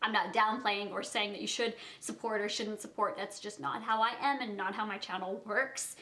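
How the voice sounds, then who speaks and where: A woman's voice: medium pitch, fairly even intonation, normal speed, sharp tone. A young woman from Canada, telling a story in a casual vlog and filling her speech with "like". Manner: chatty, fills speech with "like". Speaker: vlogger.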